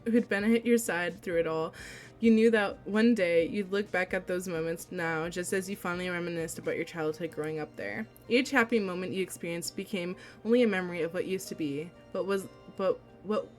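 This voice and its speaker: A woman streamer reads a visual novel aloud, excitable and giggly, squealing in reaction between the passages she reads. Her voice sits on the low side.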